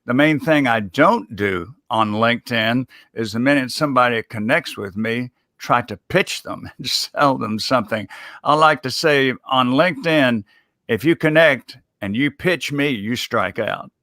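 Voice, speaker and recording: Bright-voiced man coaching on communication. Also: mid-range voice, no echo, clean studio sound. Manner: measured, instructive, chuckles while making points. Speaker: guest communication consultant. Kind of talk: live show interview.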